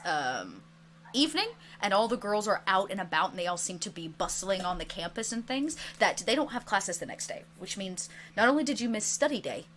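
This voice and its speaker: Lively bright-voiced woman game master. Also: mid-range voice, a little hiss or hum. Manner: lively, chatty narration with many fillers. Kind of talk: narrating a tabletop role-playing game.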